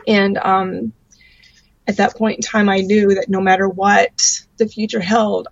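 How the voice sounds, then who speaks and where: Gravelly, husky woman with a dry, dull sound. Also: medium pitch, no room sound. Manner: earnest, halting with frequent ums. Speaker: interview guest, mother. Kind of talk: faith testimony in an interview.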